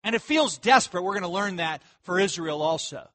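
Male pastor, animated Bible-teaching sermon, high voice, acts out the characters. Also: a little fast. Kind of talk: expository sermon.

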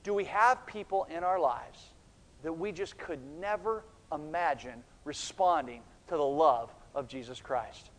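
High-voiced pastor preaching in a reverberant hall. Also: male voice, measured pace. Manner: animated, acts out voices of the disciples. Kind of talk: expository sermon.

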